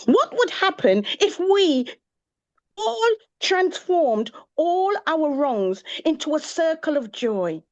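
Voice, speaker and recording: Slow, lively-voiced woman chanting poetry. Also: very high voice. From England. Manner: rhythmic, chanting delivery with sung and exclaimed bursts. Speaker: poet. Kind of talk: spoken-word poetry performance. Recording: dull lo-fi recording of a live gathering.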